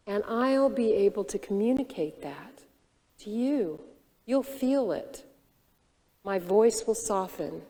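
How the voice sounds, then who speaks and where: A woman minister giving a sermon, teaching gently and reflectively and posing questions to the congregation. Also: fairly high pitch, long reverb tail. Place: church sanctuary.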